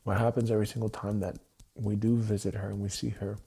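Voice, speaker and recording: A man with a low, husky, mellow voice speaks on a livestream. He talks in halting, repeated phrases and often restarts mid-thought. His delivery is raw and emotional. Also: flat delivery. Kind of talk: unscripted emotional livestream monologue.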